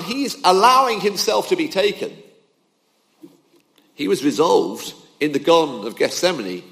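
Emphatic preacher in a reverberant hall. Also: male voice, high-pitched, a bit bright. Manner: emphatic, rising and falling for emphasis. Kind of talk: sermon.

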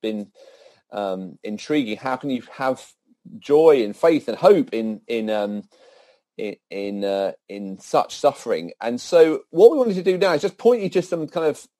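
Halting church host, dry and warm. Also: male voice, medium pitch, lively intonation, no echo. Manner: halting, many fillers. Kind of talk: closing announcements.

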